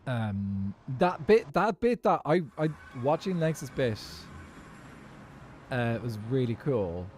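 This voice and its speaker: A man's voice: mid-range voice, very animated, takes it slowly, a little mellow, slight background noise. An Irish man streaming a game, chatting casually and thinking aloud to his viewers in a rambling way. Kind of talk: casual live-stream chat while gaming.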